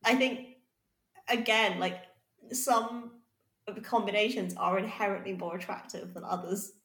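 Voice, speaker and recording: Co-host: English woman, animated storyteller, roomy echoey sound. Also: medium pitch, measured pace. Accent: neutral southern English. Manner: lively, animated storytelling, frequent laughter. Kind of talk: casual chat.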